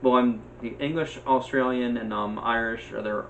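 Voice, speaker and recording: A man co-hosting a casual movie chat. He speaks hesitantly and agreeably, filling pauses with ums. His audio is slightly dull and muffled, with a faint hiss underneath. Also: medium pitch, steady tone, vocal fry, a bit bright. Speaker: podcast co-host.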